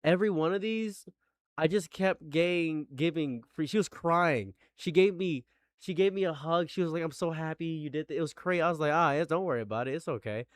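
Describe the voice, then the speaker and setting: A man's voice: fairly high pitch, fairly quick, dry recording, clean studio sound. A man hosting casual commentary, talking loosely and boastfully and swearing freely. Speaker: commentary host.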